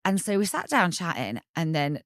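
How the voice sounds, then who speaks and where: A woman in her thirties, a podcast guest, telling her own story candidly in an animated, chatty way. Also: fairly low pitch, normal speed, no echo, clean studio sound. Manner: chatty, animated, laughs often and acts out quoted voices.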